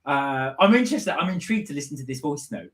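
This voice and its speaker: A man's voice: fairly high pitch, lively intonation, quick pace. Chatty man co-hosting a live stream. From Somerset, England. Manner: chatty storyteller who mimics other people's voices. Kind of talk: casual chat, reading out viewer comments. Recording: echoey room.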